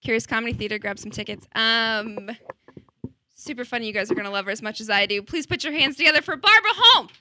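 A woman's voice: a little high, lively intonation, fast talker, background noise. A woman introducing the next comic at a stand-up show, upbeat with some hesitant fillers. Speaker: comedy show host.

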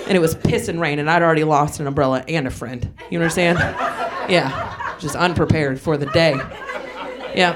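Woman comedian, profane rambling stand-up, self-amused, club audience loud behind her. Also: on the low side. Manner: profane, rambling, laughing at own jokes. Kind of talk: stand-up set. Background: audience laughing.

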